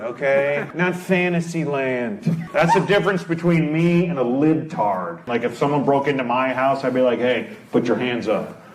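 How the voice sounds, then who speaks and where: A man doing stand-up comedy with crowd work on stage, talking in a blunt, teasing and provocative way. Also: on the high side. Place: stage before a live audience. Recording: loud background noise.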